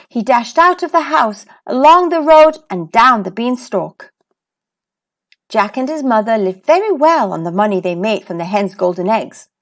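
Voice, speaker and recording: A woman reading a children's book aloud, expressive and sing-song as a storyteller. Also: fairly high pitch.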